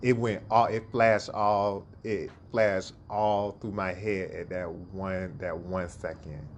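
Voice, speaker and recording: A man casually telling a story, animated, acting out quotes and laughing at himself. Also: sits low, slow, a little hiss or hum. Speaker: storyteller guest.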